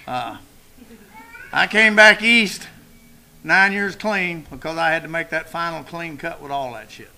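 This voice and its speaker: An older man telling his story at a recovery meeting, blunt and salted with profanity. His voice is gravelly and bright, pitched a touch high. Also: a little slow, rough recording. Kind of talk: personal recovery talk. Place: meeting room.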